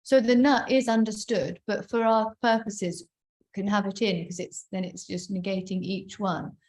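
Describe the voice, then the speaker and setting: A woman's voice: medium pitch, fairly even intonation, moderate pace, a little mellow, echoey room. A woman teaching Sanskrit chanting over a video call, explaining each phrase and then chanting or singing it. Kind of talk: online chant rehearsal teaching.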